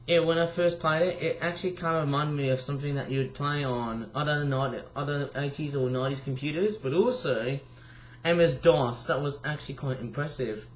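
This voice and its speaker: A tired young man with a croaky voice, rambling casually through a vlog with lots of fillers and restarts. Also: on the high side. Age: young adult. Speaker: vlogger.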